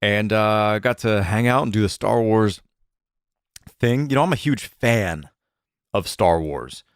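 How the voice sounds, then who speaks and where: A man's voice: lowish voice, measured pace, no room sound. A man in his thirties co-hosting a casual podcast from a home studio, joking around and rambling with fillers. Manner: playful, jokey, rambling with fillers. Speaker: podcast co-host. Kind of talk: casual chat.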